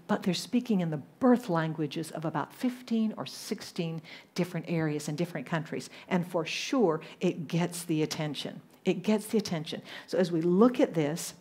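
A woman preaching with a mild Southern American accent, her voice sitting a little low. She speaks with lively energy and keeps asking the congregation questions. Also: normal speed. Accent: Southern American, softened. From Southern United States. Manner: animated, asks the congregation questions. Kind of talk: sermon. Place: church congregation abroad.

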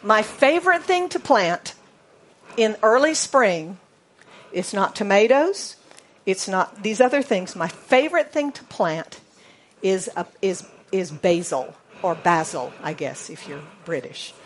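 An American woman preaching a sermon in a playful way, spelling words out letter by letter and dropping to a hushed voice for emphasis. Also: medium pitch, expressive, a little slow, slight background noise. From United States.

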